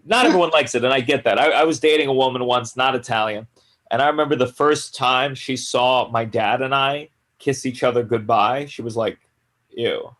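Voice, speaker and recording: A man's voice: medium pitch, a little fast. A man doing a stand-up set over a video call, chuckling at his own jokes. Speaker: stand-up comedian. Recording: loud background noise on a video call.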